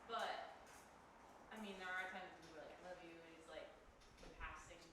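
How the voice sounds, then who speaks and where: A woman in a class discussion shares her own experience in a reflective, personal way. She is picked up from well away from the mic in a very echoey room. Steady background noise runs under her mid-pitched voice. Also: a little fast, recorded from a distance. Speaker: class participant. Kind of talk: sharing in a group discussion.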